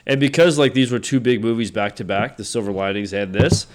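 A man in relaxed conversation about movies, his voice sitting on the lower side. He talks loosely with plenty of fillers and often backs up his co-host. Nothing about it sounds rehearsed. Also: brisk. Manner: relaxed, many fillers and agreeing interjections. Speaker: podcast co-host. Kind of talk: casual film discussion.

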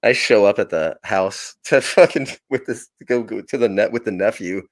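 A man's voice: lowish voice, normal speed. A man who is a podcast guest, telling long, rambling, profanity-laced stories and laughing through them. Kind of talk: casual storytelling.

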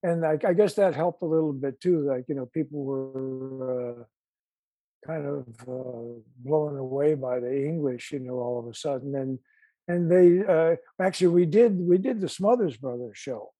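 A man's voice: medium pitch, moderate pace, dark tone, no echo. An older man with a Chicago accent, a guest musician telling stories in a rambling way with many restarts. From Chicago, USA. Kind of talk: casual interview chat.

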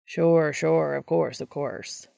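A woman's voice: low voice, normal speed, gravelly, a little mellow, no room sound, exaggerated voice. A woman reading the part of a teasing, affectionate young man with dry sarcasm.

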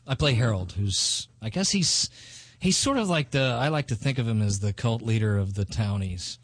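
A man who is an actor and a guest on a casual podcast, giving dry, low-key answers. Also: animated, normal speed, slightly rough, no echo.

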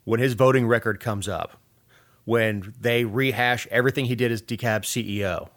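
A man's voice: medium pitch, normal speed, fairly bright tone. A middle-aged man from Georgia co-hosting a casual political talk show, sarcastic and rambling, with frequent restarts.

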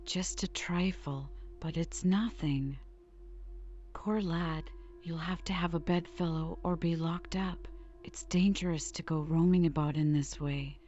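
A woman reading aloud as a motherly housekeeper, speaking low and hushed. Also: steady tone, unhurried, lo-fi sound, slight background noise. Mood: tender. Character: motherly older housekeeper woman, brisk but kind.

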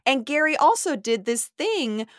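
A woman co-hosting a podcast in an animated, chatty way. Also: sits high, unhurried, no room sound, studio quality. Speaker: podcast co-host. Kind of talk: casual recap chat.

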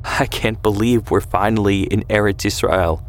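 A man voicing an emotional, teasing young husband in an audio story, gentle and earnest. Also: fairly low pitch, normal speed, lightly acted. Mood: tender.

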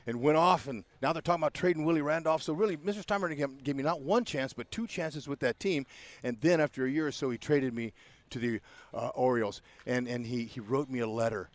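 A man in his sixties from Fresno, California, a baseball broadcaster telling animated stories as a guest, slangy, acting out dialogue and repeating himself. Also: medium pitch, a little fast, no echo. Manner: lively storyteller, slangy, acts out dialogue, repeats words.

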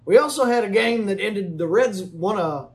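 Man, podcast host, a bit high-pitched, rambling folksy banter, casual swearing, comedic sports rundown. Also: moderate pace. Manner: rambling folksy banter, swears casually, keeps saying "you know what I mean".

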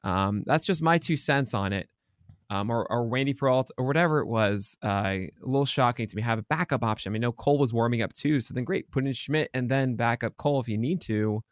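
A man's voice: mid-range voice, brisk, dry recording, clean studio sound. A man co-hosting a casual sports podcast, chatty and rambling with many fillers and restarts. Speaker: podcast co-host.

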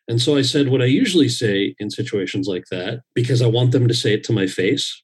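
A man, an actor, telling a personal story in casual, animated talk and quoting others in dialogue. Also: on the low side, fast talker, few pauses, breathy edge.

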